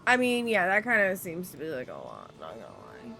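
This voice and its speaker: A woman's voice: lowish voice, wildly swooping pitch, a little fast, vocal fry. A young woman streamer commenting on her gameplay, jittery, swearing and repeating herself. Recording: game music loud behind voice.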